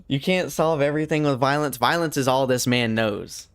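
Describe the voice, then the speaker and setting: A young man's live game stream, caught on a dry recording, has him chatting casually and joking at normal speed. He veers between excited highs and low muttered remarks.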